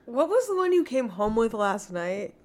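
A young woman co-hosts a podcast in casual banter. She is blunt, teasing and swears a lot. Her voice is a touch high. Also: sing-song, normal speed, darkish tone. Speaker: podcast co-host.

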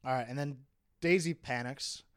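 A man's voice: medium pitch, normal speed, dry recording, clean studio sound. A man co-hosting a casual book discussion, reading passages aloud and riffing on them with frequent laughter. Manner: animated, laughs often, reads passages aloud then riffs. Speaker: podcast co-host discussing a novel.

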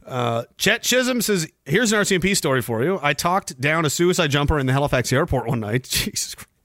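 Sarcastic, profane man with lively high voice. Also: fairly quick, dry recording, clean studio sound. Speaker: livestream host reading chat. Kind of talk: casual ranting livestream commentary.

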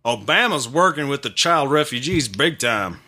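A man trying to read political quotes as a blustering Southern speaker, in a flat, halting delivery. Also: mid-range voice. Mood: stiff.

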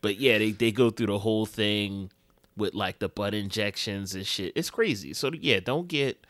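A man's voice: lowish voice, normal speed, a bit bright, no echo, clean studio sound. A man co-hosting a podcast, rambling through stories in loose, profane street slang. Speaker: podcast co-host. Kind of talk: casual podcast chat.

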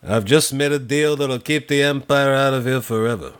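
A man putting on a suave, smooth-talking space smuggler voice from a film. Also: mid-range voice, close to an everyday voice. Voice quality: suave, drawn-out delivery.

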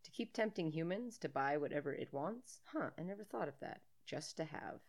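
Kobieta czytająca quiz, sypiąca przekleństwami. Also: female voice, deep voice, lively intonation, fairly quick. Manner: playful, swears freely, laughs often. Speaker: podcast co-host. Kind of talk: casual chat, reading a quiz aloud.

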